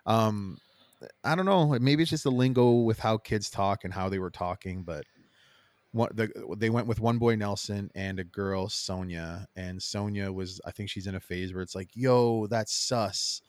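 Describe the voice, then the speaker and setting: Rambling, low-voiced man telling stories. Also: moderate pace, no echo. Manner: rambling, animated storyteller who acts out quotes. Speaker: podcast co-host. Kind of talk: casual chat.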